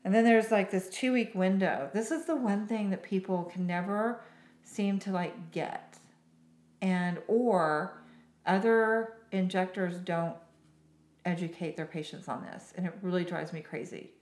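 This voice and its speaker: A woman who works as a nurse injector, hosting a casual podcast chat in an animated, chatty way and laughing often. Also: lowish voice, unhurried. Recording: roomy echo.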